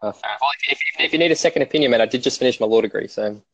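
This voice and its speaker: A man's voice: mid-range voice, racing, a bit bright, breathy edge, no echo. A young Australian man chatting casually as a podcast guest, laid-back and joking, often stumbling and restarting his sentences. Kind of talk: casual chat. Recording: dull lo-fi audio.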